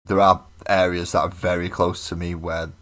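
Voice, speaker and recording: A man's voice: deep voice, flat delivery, moderate pace, fairly bright tone. A man with a mild English accent chatting casually with viewers on a livestream while building miniatures. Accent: English, milder than local broad accents. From England. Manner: chatty, answers viewers by name, mutters while working. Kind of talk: casual live chat while building models.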